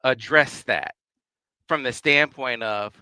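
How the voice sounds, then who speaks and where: A man's voice: mid-range voice, takes it slowly, bright, forceful tone, clean tone, no room sound. A man hosting a sports podcast, asking conversational, leading questions about the game. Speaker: podcast host. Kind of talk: interview questions.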